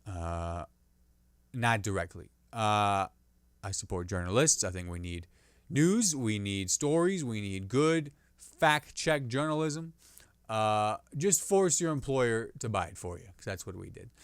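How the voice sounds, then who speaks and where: A man hosting a comedy podcast, riffing on the news in a rambling, animated way and restarting jokes mid-sentence. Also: fairly low pitch, measured pace, clear, resonant tone, dry recording.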